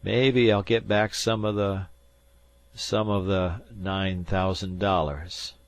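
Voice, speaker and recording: A man's voice: sits low, fairly even intonation, slow. A man voicing a meek, submissive grieving man.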